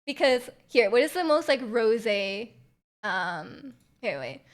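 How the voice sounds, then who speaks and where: A woman's voice: a little high, animated, slow. A woman streamer chatting casually with viewers, full of fillers and giggles, her throat a little off. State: throat feels off.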